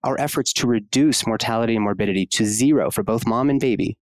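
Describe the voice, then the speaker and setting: Quick and mid-range, with no echo, the voice belongs to an American man who is an obstetrician-gynecologist guesting on a conversational podcast. He speaks frankly and passionately in a relaxed way, dropping fillers and sometimes swearing.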